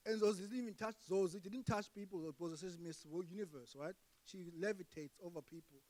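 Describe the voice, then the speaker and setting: High-voiced South African stand-up comic. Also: male voice, rough recording. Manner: animated, swings between loud outbursts and hushed asides. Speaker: stand-up comedian. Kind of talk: stand-up comedy with crowd work.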